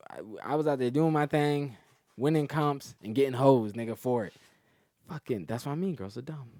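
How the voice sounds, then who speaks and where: A young man telling crude, bragging stories, loose and slangy. His voice sits in a middle pitch. It is recorded close and dry, with little room sound. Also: moderate pace, mellow, no room sound. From Atlanta area, Georgia. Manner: profane, boastful, slangy, laughs at his own stories. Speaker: comedian guest. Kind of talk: crude storytelling.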